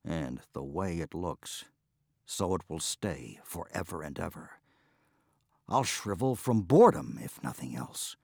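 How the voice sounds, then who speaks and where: Storybook farmer, distressed and loud in outbursts, read by a man; dry, slow. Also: low-pitched, expressive, gravelly, breathy edge, no room sound, pitched below the performer's own voice, heavily acted. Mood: despairing. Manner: groaning, cries out in rising outbursts. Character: distressed aging farmer, frantic and complaining.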